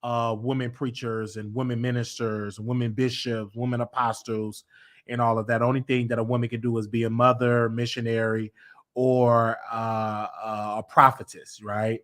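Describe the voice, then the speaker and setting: A man hosts his own show in a loose, rambling monologue. His voice is bright and forward, full of fillers and restarts, and it breaks into loud teasing bursts. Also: medium pitch, flat delivery, normal speed. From United States. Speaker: show host. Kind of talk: casual live-stream monologue.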